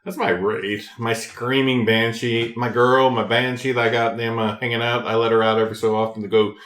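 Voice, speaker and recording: A young man hosting a podcast, telling stories in an animated, profane casual chat. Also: medium pitch, fairly quick, roomy sound. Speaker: podcast host.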